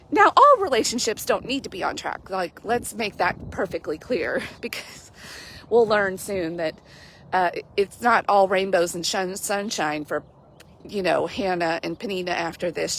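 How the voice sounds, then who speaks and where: A middle-aged woman, a Christian life coach, talking through a casual devotional livestream in a chatty, animated way with frequent laughs. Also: mid-range voice, a little hiss or hum. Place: outdoors on a mild day.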